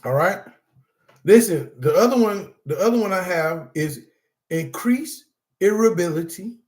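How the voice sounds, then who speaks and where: A man's voice: high voice, animated, moderate pace, a little mellow, roomy sound. A man hosting a support-group talk to camera, part preaching, part casual chat, who laughs often and calls his viewers y'all.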